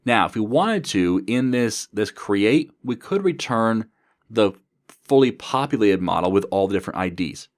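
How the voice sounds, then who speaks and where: A man's voice: on the low side, lively intonation, moderate pace. A man giving a coding tutorial, talking through each step as he types. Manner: methodical, talks through code as he types. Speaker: programming instructor.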